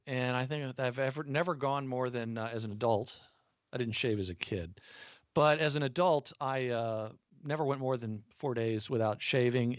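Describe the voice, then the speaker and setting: A man's voice: mid-range voice, dry recording. An American man, a podcast host appearing as a guest, chatting casually over a video call with lots of uh fillers. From United States. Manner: relaxed, chatty, frequent uh fillers. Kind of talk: casual interview chat. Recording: dry, slightly dull video call audio.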